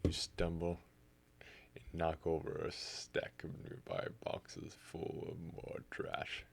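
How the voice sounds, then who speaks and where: A man's voice: deep voice, flat delivery, takes it slowly, creaky, in a whisper. A man streaming live, reading a text game aloud in the second person and reacting as he goes.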